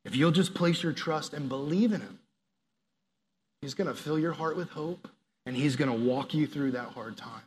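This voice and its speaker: A man preaching a sermon as a youth pastor, animated, acting out quoted prayers and dropping to soft, earnest appeals. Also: a little high, moderate pace.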